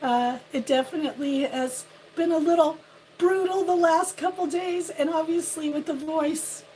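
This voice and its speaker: A woman hosting a casual morning live stream, hoarse and losing her voice from a cold, chatting and laughing at how she sounds while greeting viewers by name. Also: sits high, moderate pace, warm tone, a little hiss or hum. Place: home on a windy ridge.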